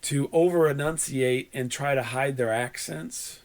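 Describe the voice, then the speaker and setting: A man hosting a podcast, his voice rough and hoarse from a cold, telling a rambling anecdote in casual chat and laughing at his own story. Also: mid-range voice, a little slow. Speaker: podcast host.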